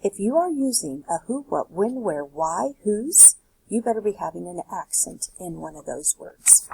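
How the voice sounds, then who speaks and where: A woman's voice: on the low side, lively intonation, normal speed, vocal fry, warm tone, husky, low-quality recording. A woman teaching Spanish, explaining a worksheet step by step and asking rhetorical questions. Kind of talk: recorded worksheet lesson.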